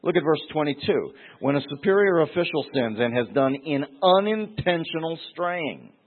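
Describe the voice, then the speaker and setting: A man's voice: fairly high pitch, lively intonation, normal speed. A man teaching verse by verse through a Bible passage, emphatic, repeating words and acting out the voices he quotes. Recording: tinny phone-like recording.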